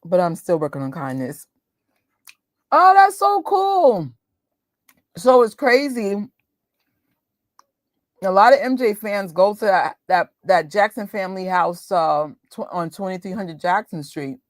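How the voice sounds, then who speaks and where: A woman's voice: mid-range voice, very animated, measured pace, long pauses, dry recording, clean studio sound. A woman with a New York accent, chatting casually and laughing with viewers as host of a movie watch party. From New York, USA. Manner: chatty, laughing, quotes voices. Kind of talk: casual chat with live viewers.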